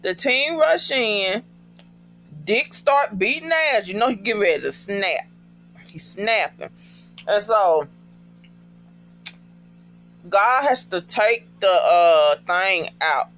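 A man casually recapping a TV episode in a profane, emotional, animated storytelling way. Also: high-pitched, unhurried, pauses often, a little hiss or hum.

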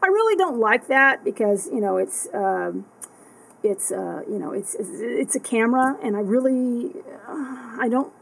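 A woman talks to her camera at home late at night, rambling from one thought to the next with plenty of fillers and restarts. Her voice sits high and has a slightly husky edge. It comes across as a casual one-person vlog. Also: lively intonation, unhurried, low-quality recording. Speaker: vlogger. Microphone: camera that tracks her.

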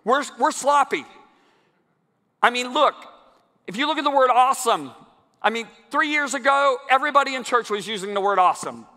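A man preaching a sermon to a congregation in a large church, emphatic and building to loud climaxes. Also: extremely high pitch, lively intonation, moderate pace, long pauses. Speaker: guest preacher. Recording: long church hall reverb.

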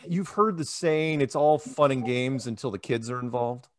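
A man's voice: mid-range voice, moderate pace, a crowd in the background. A man from the United States, talking casually in an interview, rambling with many restarts and quoted asides. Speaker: interview guest.

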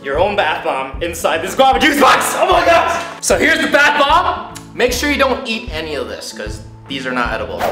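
Hyped-up guy unboxing in the bathtub, high voice jumping all over, echoey bathroom. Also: wildly swooping pitch, moderate pace, few pauses. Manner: hyper, shouty, giggly, lots of slang. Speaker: vlogger host. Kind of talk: excited unboxing vlog. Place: in a bathtub at home. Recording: echoey bathroom with background music.

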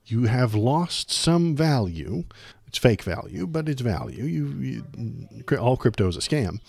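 A man's voice: medium pitch, very animated, unhurried, gravelly, darkish tone, slightly rough. A man hosting a live stream of casual political commentary. He rants in a sarcastic, exasperated way and repeats phrases for emphasis. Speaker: streamer host.

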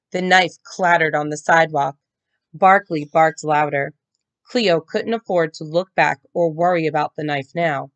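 A woman reading a children's chapter book aloud, with slow, expressive storytelling. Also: deep voice. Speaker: guest reader.

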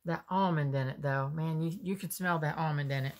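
A woman's voice: low-pitched, darkish tone. A woman, chatting casually as she unboxes homemade soap and muses aloud. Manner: slow, chatty, musing aloud.

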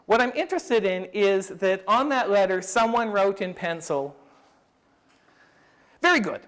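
A man's voice: high voice, animated, normal speed, fairly bright tone. A man giving an academic lecture at a summer school, thinking aloud with frequent restarts and speeding through quoted passages.

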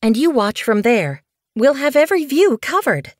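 A woman's voice: sits high, sing-song, moderate pace, no echo, pitched above the performer's own voice. A fierce young she-cat from an animal storybook, as a woman narrator plays her. She speaks sharply, spitting and hissing her lines. The sound is close and dry. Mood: bold. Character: bold young female cat, fierce when crossed.

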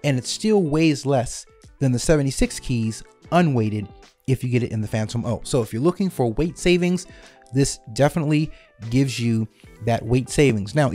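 A man's voice: mid-range voice, warm tone. A man talking casually through a detailed product comparison, repeating numbers for emphasis. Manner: conversational, repeats figures for emphasis. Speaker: keyboard reviewer.

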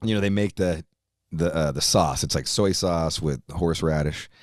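Low-voiced man telling a rambling story. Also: normal speed, dry recording, studio quality. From Virginia, USA. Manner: profane, rambling, laughs often while telling. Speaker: podcast guest. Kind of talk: casual storytelling.

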